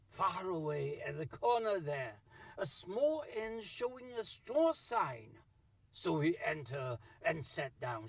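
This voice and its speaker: A man tells an old story in a theatrical way and speaks straight to his audience. His voice is high and swings widely in pitch, with a gravelly, husky grain. He talks very slowly into a close, dry mic. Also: dry recording. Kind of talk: storytelling narration.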